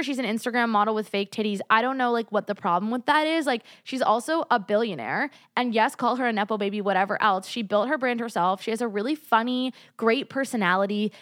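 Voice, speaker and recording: A woman's voice: a little high, no echo. Chatty woman ranting with a dry sound. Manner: animated, heavy use of "like", swears freely. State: sick. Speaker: podcast host. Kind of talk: casual opinion chat.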